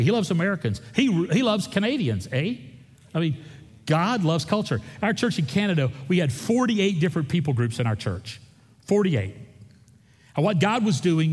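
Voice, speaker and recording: A pastor preaching a lively sermon, full of jokes and quick asides to the congregation. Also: male voice, fairly high pitch, husky. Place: large church hall. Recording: echoey hall, from far off.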